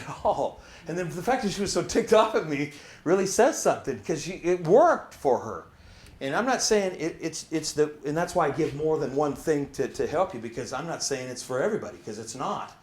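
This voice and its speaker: A man on the high side of pitch speaks briskly in a roomy-sounding space, giving a casual motivational talk. As a motivational speaker and animated storyteller, he acts out the voices in his stories and peppers them with "right?" asides.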